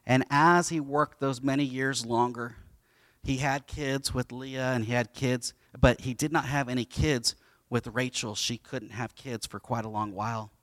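A man's voice: mid-range voice, steady tone, unhurried, no room sound, studio quality. Casual storytelling pastor, man. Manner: casual storytelling, acts out the voices. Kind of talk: sermon.

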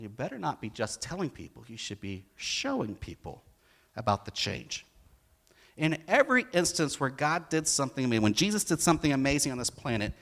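A middle-aged man delivering a sermon in a high, bright voice. His pitch swings widely as he tells stories and acts out what people said, pressing hard on the key lines. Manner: animated storytelling, acts out quotes with rising emphasis. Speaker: pastor.

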